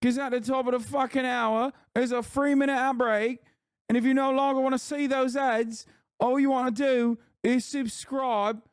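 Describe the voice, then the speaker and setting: A man voicing an indignant British online chatter in a mock British accent, loud and sneering. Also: flat delivery, normal speed, clear, resonant tone, dry recording, clean studio sound. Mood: outraged. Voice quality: loud, high-pitched, sneering.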